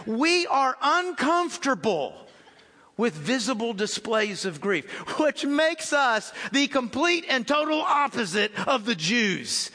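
Animated high-voiced American pastor preaching. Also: male voice, takes it slowly, in a large hall. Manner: animated, conversational, addresses congregation as folks. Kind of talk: sermon.

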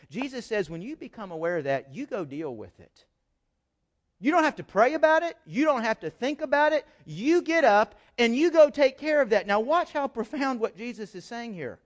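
A male pastor preaching a sermon with an animated manner, often repeating words and dropping joking asides. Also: high voice, fairly quick.

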